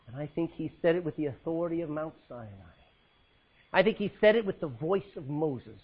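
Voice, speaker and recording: A male preacher delivering an emphatic sermon, swinging from loud, high calls to low, hushed lines. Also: animated, a little fast, husky, highs cut off.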